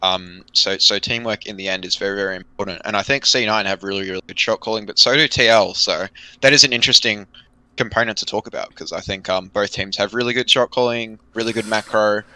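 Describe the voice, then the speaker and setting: A young man co-hosting a podcast, talking esports in a casual, halting way with many fillers. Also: lowish voice, fairly even intonation, bright, forceful tone, no room sound, low-quality recording. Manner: hesitant, many fillers and restarts. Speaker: podcast co-host.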